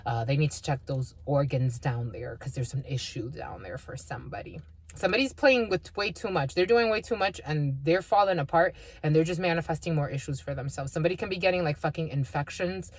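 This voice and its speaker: Blunt, low-voiced woman tarot reader. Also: animated, a little fast. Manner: blunt and profane, addresses listeners as "my lovies"; laughs often between remarks. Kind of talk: spiritual tarot reading to viewers.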